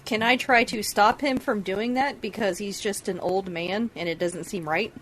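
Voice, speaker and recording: A woman's voice: mid-range voice, normal speed, a bit bright, slight background noise, poor audio. A woman playing in a casual tabletop game, blunt and playful. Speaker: player.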